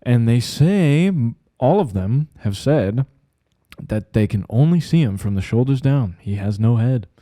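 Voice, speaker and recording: A man's voice: medium pitch, expressive, a little slow, mellow, dry recording, clean studio sound, natural voice. A man doing a flamboyant, sing-song old tour guide. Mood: spooky tour patter. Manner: sing-song delivery with sudden speed shifts. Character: flamboyant older male ship tour guide. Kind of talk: comic impression.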